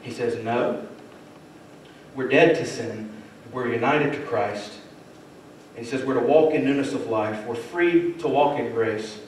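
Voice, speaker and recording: A man's voice: mid-range voice, a little slow, pauses often, a little hiss or hum. A man preaching a sermon in a church, earnest and rising to fervent emphasis, with rhetorical asides to his listeners. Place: church sanctuary. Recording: very echoey church hall, distant mic.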